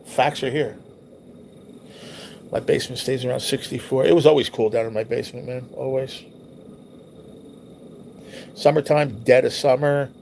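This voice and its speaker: Guy with a gravelly voice rambling thru old photos, swears a lot, a faint hiss behind him. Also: medium pitch, fairly even intonation, moderate pace, pauses often, darkish tone. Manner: rambling, loose and profane. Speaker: livestream host. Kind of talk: casual reminiscing over old photos.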